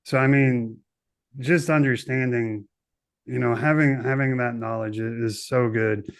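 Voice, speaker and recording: A man's voice: medium pitch, fairly even intonation, measured pace, smooth. A man hosting a podcast interview, casual and enthusiastic. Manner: enthusiastic, upbeat affirmations. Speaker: podcast host.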